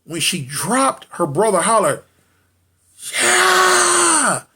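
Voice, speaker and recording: Male storyteller, slightly high voice; dramatic, repetitive, talks straight to listeners. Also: normal speed, fairly bright tone. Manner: addresses listeners directly. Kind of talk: spoken street storytelling.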